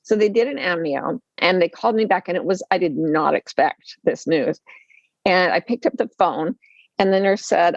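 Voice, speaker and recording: A low-pitched woman talks frankly about her life, slipping into the voices of the people in her stories and joking at her own expense. The audio is dry and dull, like a lo-fi remote call mic. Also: moderate pace, no room sound. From Utah, USA. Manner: lively, self-deprecating humor, acts out quoted voices. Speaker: author and life coach. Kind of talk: candid storytelling interview.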